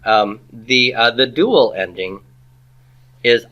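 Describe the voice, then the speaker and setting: A man's voice: mid-range voice, takes it slowly, highs cut off. A man giving a classroom grammar lecture, patient, asking the class questions and repeating their answers. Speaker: Hebrew grammar teacher.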